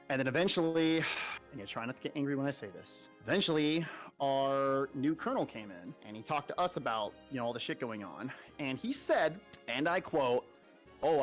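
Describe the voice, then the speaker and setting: A young man streaming while he plays, telling an army story in casual chat, heated and sarcastic and swearing often. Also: medium pitch.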